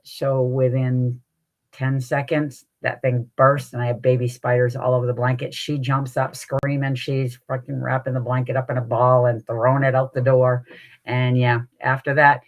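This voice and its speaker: Animated woman chatting on a live stream. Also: a bass voice, moderate pace. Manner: animated storytelling, laughs often, salty. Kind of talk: casual chat with viewers.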